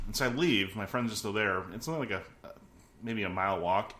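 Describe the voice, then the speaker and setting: A podcast host in his thirties with a fairly low-pitched voice. He rambles through a story in a casual way, leaning on fillers and false starts. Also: expressive, fast talker, sharp tone. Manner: rambling, full of "like" and restarts.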